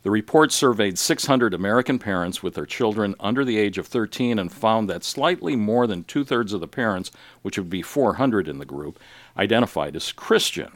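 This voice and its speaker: A man's voice: fairly low pitch, lively intonation, moderate pace, no room sound. A man hosting a casual Catholic radio talk show, folksy and fond of telling jokes.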